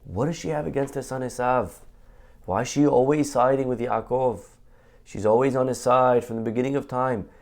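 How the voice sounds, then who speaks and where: A rabbi gives a casual, conversational Torah class, full of rhetorical questions. His voice sits at an ordinary middle pitch for a man. He often quotes Hebrew sources mid-sentence. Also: moderate pace, creaky, darkish tone. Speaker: rabbi teaching.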